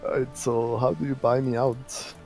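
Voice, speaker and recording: A man's voice: mid-range voice, level tone, normal speed, a little mellow, soft background music. A man playing a game with friends, chatting casually, teasing and swearing with laughs. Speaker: fellow player. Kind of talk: casual gameplay chat.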